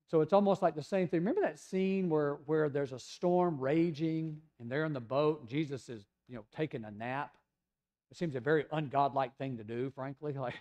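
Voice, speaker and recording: American pastor guy, kinda high voice, tells the story casual, goes soft and quiet sometimes. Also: normal speed. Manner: conversational storytelling, acting out voices of people in the scripture passage; drops to a soft, hushed voice in tender passages. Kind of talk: sermon.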